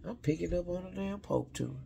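A man's voice: sits high, brisk, vocal fry, mellow, a little hiss or hum. A man giving a casual spiritual reading to his viewers, rambling and talking straight to them while often second-guessing his own words.

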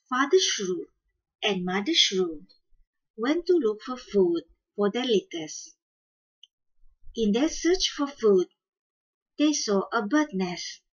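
A woman hosting and narrating a folk fable in a slow, expressive storytelling manner. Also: medium pitch, slightly rough, dull audio. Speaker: storyteller host.

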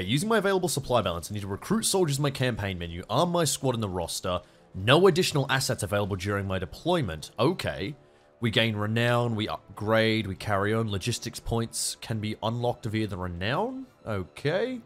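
A young Australian man giving let's-play commentary, excitable, swearing and yelping at the action on screen. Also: fairly low pitch, brisk, faint music behind. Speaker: gaming YouTuber.

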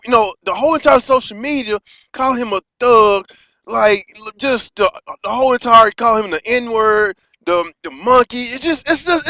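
An American man delivering an impassioned vlog rant, halting and restarting often and swearing freely. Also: very high-pitched, sharp tone, dry recording. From United States. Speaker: vlogger.

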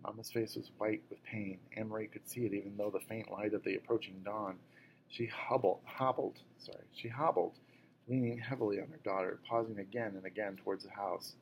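Man reading a book aloud, lowish voice, fixes his slips, a bit of faint background hum. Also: quick pace, few pauses, low-quality recording. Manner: steady reading with small self-corrections. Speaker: reader.

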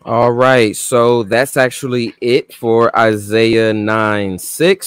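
A man moderating a debate, announcing the passages and giving each side the floor in a measured way. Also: medium pitch, little pitch movement, smooth, dry recording.

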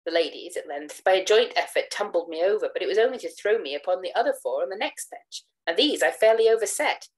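A woman giving a dramatic reading of a classic tale, acting out the dialogue with shifts of pitch. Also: lively intonation, fast talker, hardly any pauses, rough recording. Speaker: reader of gothic tales.

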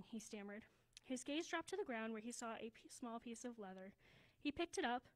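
A woman reading a children's story aloud at a church service, slowing down for emphasis and dropping to a hush. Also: on the high side, rough recording. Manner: expressive, slows down for emphasis, drops to a hushed voice.

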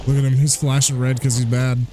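Excitable man giving game commentary. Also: mid-range voice, a little fast, noisy background. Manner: excitable, exclamatory, trash-talks the enemies. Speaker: gaming channel host. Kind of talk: let's play commentary. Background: game music.

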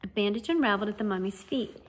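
A woman narrating a children's fantasy novel as an audiobook reader, with a lively, expressive reading. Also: mid-range voice, fast. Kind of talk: storybook narration.

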